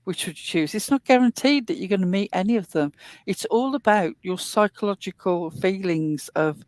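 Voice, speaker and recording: A woman's voice: medium pitch, expressive, normal speed, darkish tone, dry recording. A woman hosting a casual online talk show, chatting at length in a rambling way with plenty of fillers. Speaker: host. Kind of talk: casual podcast chat.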